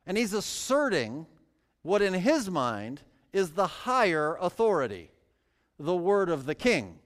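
A man's voice: high voice, big pitch swings, measured pace, in a large hall. A man preaching a sermon, reading scripture aloud and then explaining it with joking asides. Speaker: pastor.

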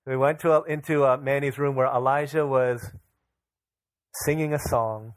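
A man, a father of young children, preaching a sermon, rising louder and higher on his key points and dropping soft and low when he tells a story. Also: fairly even intonation, moderate pace, dry recording. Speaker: pastor.

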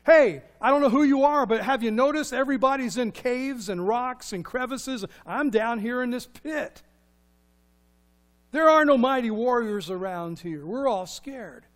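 A male preacher doing a scared young man hiding in a hole, high-pitched and fretful. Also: animated, measured pace. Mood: complaining. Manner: anxious, complaining. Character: frightened poor young man hiding in a pit.

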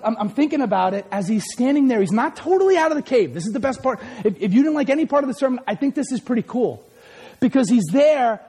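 Impassioned high-voiced male preacher. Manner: impassioned, swings from shouting to breathy whispers. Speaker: pastor. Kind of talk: sermon. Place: church.

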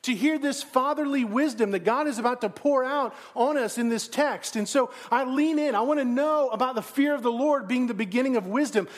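A man pastor giving a sermon in a conversational, self-deprecating way, often asking the congregation questions. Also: very high voice.

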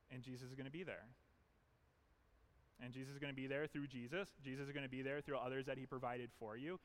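A man's voice: mid-range voice, level tone, fast talker. A man pastor preaching an earnest, emphatic sermon in a church, leaning on repetition.

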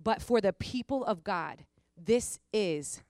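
A woman giving an informal Bible teaching, chatty and animated, often checking in with her listeners and acting out prayers with a laugh. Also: medium pitch, slow, no room sound. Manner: conversational, animated, checks in with "okay?" and "right?"; acts out prayers and quotes with laughing asides.

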